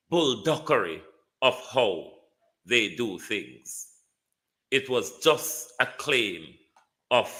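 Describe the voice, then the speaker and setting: A man with a Jamaican accent hosts a live stream, offering casual political commentary in a lowish, bright, forceful voice. He greets viewers by name and repeats words for emphasis.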